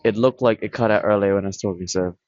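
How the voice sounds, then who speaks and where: A man's voice: lowish voice, fairly even intonation, quick pace, a little mellow, no room sound, muffled recording. A man talking to a camera on a tripod in a blunt, dismissive, rambling monologue. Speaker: vlogger.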